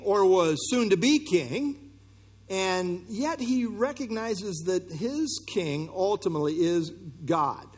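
A man preaching a sermon in an earnest, conversational teaching manner, often pausing with fillers and restarting his phrases. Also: sits high, slightly rough, long reverb tail. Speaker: pastor.

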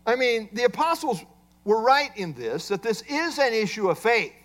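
A male pastor giving a sermon. His voice sits high and moves lively up and down. He explains a Bible passage verse by verse and poses rhetorical questions to his listeners. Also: moderate pace. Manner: expository preaching with rhetorical questions.

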